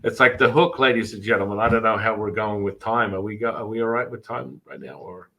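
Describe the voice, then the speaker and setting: A man with a fairly low voice hosts a casual podcast interview. He rambles, circles back and repeats himself, and he leans on filler words as he goes. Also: brisk. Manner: does animated voices when telling stories. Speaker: podcast host. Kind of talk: casual spiritual interview chat.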